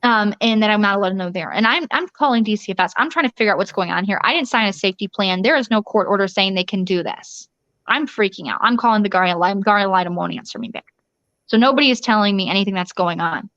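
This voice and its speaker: A woman's voice: medium pitch, fairly bright tone, no echo. Woman urgently recounting her story. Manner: urgent, rushed retelling with restarts and quoted dialogue. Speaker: interview guest. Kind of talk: recounting a personal ordeal in an interview. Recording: dull lo-fi dry recording.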